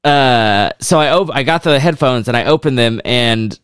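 Smooth-voiced man telling a rambling story. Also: mid-range voice, moderate pace, a bit bright, no room sound, clean studio sound. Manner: rambling storyteller, swears often, lots of "like". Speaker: podcast co-host. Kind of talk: casual chat.

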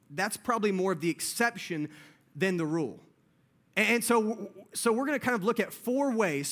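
A young preacher with a high, bright voice, addressing a congregation. He tells his story in an animated way and drops his voice low and hushed when building suspense. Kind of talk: sermon with personal story.

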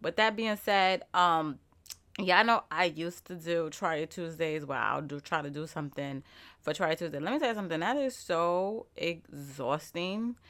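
A young woman chatting straight to her viewers in an animated, emphatic way. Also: lowish voice, moderate pace. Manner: animated, emphatic, speaks straight to the audience with lots of "like". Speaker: vlogger and podcaster. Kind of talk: casual motivational chat to viewers.

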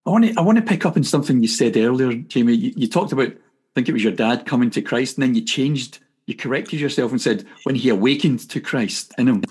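A man hosting a conversational interview, asking questions and giving gentle affirmations. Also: mid-range voice, lively intonation, quick pace, slightly rough. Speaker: podcast host.

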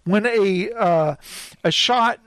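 A man hosting a casual podcast chat about films, telling stories in an excitable, animated way. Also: high-pitched, slow, dry recording. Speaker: podcast host.

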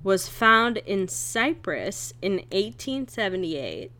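Slow, bright-voiced wry young woman. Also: mid-range voice, big pitch swings. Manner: wry, joking reactions. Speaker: podcast co-host. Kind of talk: casual chat.

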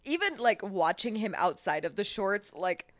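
A woman co-hosting a casual podcast, telling stories animatedly and loudly quoting people. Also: medium pitch, big pitch swings, moderate pace, no room sound, clean studio sound. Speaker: podcast co-host. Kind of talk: casual chat.

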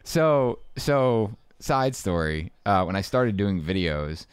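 A man in his thirties from Boston with a faint, mostly smoothed-out Boston accent, talking casually as an interview guest in a rambling way full of restarts and asides. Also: on the low side, lively intonation, slow pace, dry recording, studio quality.

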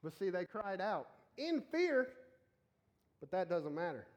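A man preaching a casual sermon, animated and joking as he talks straight to the congregation. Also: high-pitched, a little slow, muffled recording.

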